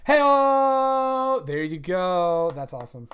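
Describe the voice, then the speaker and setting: A man's voice: a little high, animated, a little fast, darkish tone. Young male podcast host, upbeat and slangy, casual chat.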